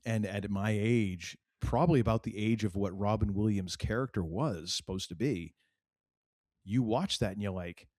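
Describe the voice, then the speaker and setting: A man's voice: lowish voice, normal speed, darkish tone, no room sound, studio quality. A middle-aged man from New England, co-hosting a podcast in casual, rambling chat full of fillers and restarts. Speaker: podcast co-host.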